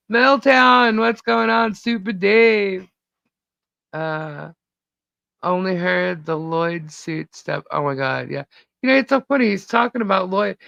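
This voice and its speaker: Slightly hoarse woman host, slow and gravelly, dry dull stream sound. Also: mid-range voice, a bit bright, no room sound. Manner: chatty, laughs often, reads out viewer names. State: voice a little hoarse. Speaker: podcast host greeting live chat. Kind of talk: casual live-stream chat.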